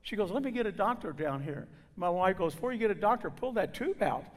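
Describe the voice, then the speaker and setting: A man preaching a testimony in a church, slightly higher-pitched than most men. He tells his story with feeling and slips into the voices of the people he quotes. His voice rings with the long reverb of a big hall. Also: animated, fast talker. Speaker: guest preacher. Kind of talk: sermon testimony.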